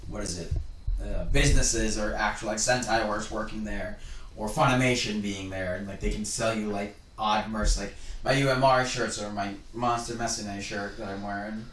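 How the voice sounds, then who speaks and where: A man's voice: fairly low pitch, fairly even intonation, moderate pace, fairly bright tone, far from the mic. Jokey young man, off-mic. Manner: profane, jokey interjections. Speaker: podcast co-host. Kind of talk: casual chat. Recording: echoey room, off-mic, faint background hum.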